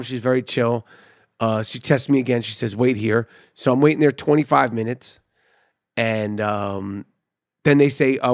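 A man's voice: medium pitch, dry recording, studio quality. A man hosting his own podcast, retelling a story casually and profanely, acting out the dialogue. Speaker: podcast host.

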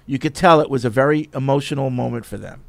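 A man's voice: medium pitch, fast, gravelly, no echo. A man hosting a casual sports podcast, chatting with co-hosts and reading listener emails aloud in an easygoing way. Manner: easygoing, wraps up the show brightly. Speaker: podcast host.

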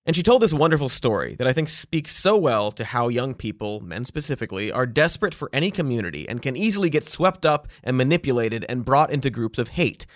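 A man's voice: medium pitch, big pitch swings, fairly quick, few pauses. A man podcast host giving earnest scripted narration.

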